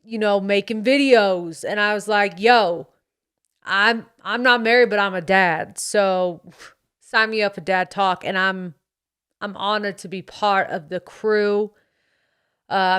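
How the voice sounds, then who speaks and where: A woman's voice: medium pitch, lively intonation, moderate pace, pauses often, a bit bright, dry recording, studio quality. Woman doing a cocky bro dad influencer with a twang. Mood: braggy. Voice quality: faint southern twang. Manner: swaggering, slangy, boastful. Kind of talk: comedic character monologue.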